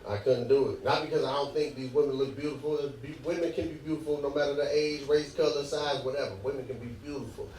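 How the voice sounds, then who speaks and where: A young man from Michigan performing a stand-up comedy set in a club, animated and laughing through his jokes. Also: mid-range voice, quick pace, few pauses, a little hiss or hum. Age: young adult. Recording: echoey room, far mic, loud crowd.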